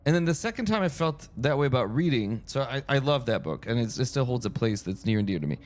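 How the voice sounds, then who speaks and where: A man's voice: medium pitch, lively intonation, fast talker, hardly any pauses. A man from France streaming a game, chatting casually in a rambling storytelling way that keeps breaking off and restarting. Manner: rambling, self-interrupting storyteller. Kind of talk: casual chat while playing.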